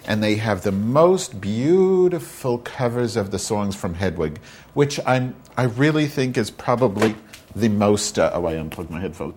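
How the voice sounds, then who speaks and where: Low-voiced man ranting on a podcast. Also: slightly rough. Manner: profane, rambling, ranting. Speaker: podcast host. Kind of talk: casual solo podcast rant.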